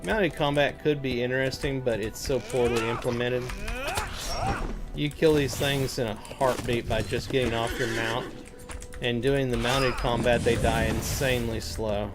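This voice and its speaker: A man's voice: medium pitch, steady tone, measured pace. A man giving casual gameplay commentary, full of sarcastic, ranting asides. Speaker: gameplay streamer. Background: faint game music.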